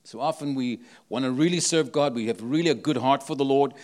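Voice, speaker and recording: A man's voice: mid-range voice, brisk, a little mellow. A man with an accent preaching a sermon, emphatic and full of rhetorical questions. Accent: non-local accent.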